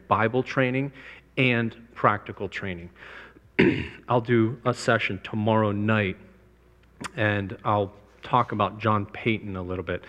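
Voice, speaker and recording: A man's voice: lowish voice, fairly bright tone. Emphatic male preacher in a reverberant hall. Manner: emphatic, repeats key points, lifts voice to press them. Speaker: missions speaker. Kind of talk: preaching talk to a live audience.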